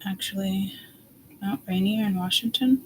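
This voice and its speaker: A woman's voice: mid-range voice, normal speed, darkish tone, a little hiss or hum, rough recording. A middle-aged woman doing a casual, rambling tarot reading, chatty and blunt, swearing freely as she talks. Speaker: psychic tarot reader.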